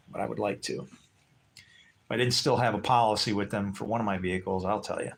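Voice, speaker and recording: A man's voice: fairly low pitch, fairly even intonation, moderate pace, creaky, a little hiss or hum. A man chatting casually with livestream viewers from a porch at dusk, rambling and joking with frequent chuckles.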